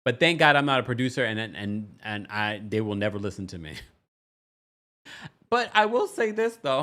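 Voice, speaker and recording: On a casual stream, a man runs through a reality-show recap, chatting playfully, reading comments from viewers, and doing snappy quoted voices. His voice is fairly low, swings widely in pitch, and has a sharp edge.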